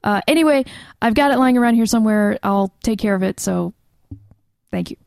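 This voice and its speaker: A woman's voice: mid-range voice, a little fast, gravelly, darkish tone, no room sound, studio quality. A woman co-hosting a podcast in casual chat, laughing often and trailing off mid-thought. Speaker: podcast co-host.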